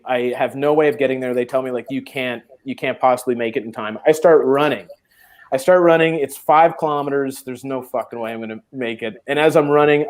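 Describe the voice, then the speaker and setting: A man casually telling a long funny story on a chat stream, acting out the other people's lines. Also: mid-range voice. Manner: animated, acts out quoted voices. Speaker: co-host.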